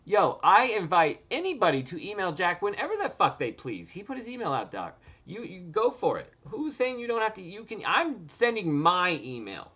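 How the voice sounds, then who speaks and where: A man's voice: high voice, big pitch swings, moderate pace, hardly any pauses, pushed and bright, husky. A man chatting casually on a livestream while typing, rambling and swearing freely and repeating his words, on dull lo-fi audio with faint music behind.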